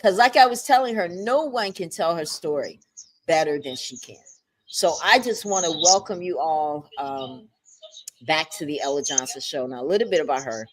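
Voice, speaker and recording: A woman hosting a livestreamed talk show from a home setup, animated and chatty with playful asides. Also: deep voice, normal speed.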